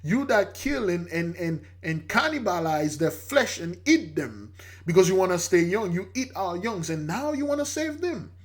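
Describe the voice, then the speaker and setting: A man's voice: high-pitched, normal speed. A man hosting a religious channel, giving emphatic casual commentary on a news clip. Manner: animated, emphatic, acts out quoted voices.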